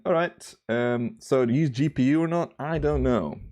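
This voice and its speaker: A young man hosting a relaxed livestream, chatting casually and rambling with viewers. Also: medium pitch, moderate pace, hardly any pauses. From Australia. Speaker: livestream host.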